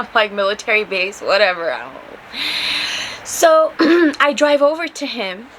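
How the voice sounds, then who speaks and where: A young woman hosting a podcast, telling a story in a casual, animated way and acting out the quotes, with some swearing. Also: on the high side, slight background noise, rough recording. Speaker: podcast host.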